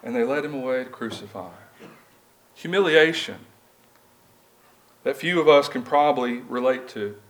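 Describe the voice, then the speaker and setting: A man's voice: mid-range voice, animated, normal speed, pauses often, fairly bright tone. A man preaching a sermon in a church, reading scripture and asking the congregation rhetorical questions in an earnest, conversational way. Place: church building.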